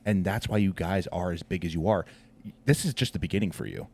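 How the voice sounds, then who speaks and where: A man's voice: deep voice, fairly quick, darkish tone. A man hosting a podcast, talking earnestly and encouragingly to his guest, calling him brother. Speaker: podcast host. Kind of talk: casual podcast conversation.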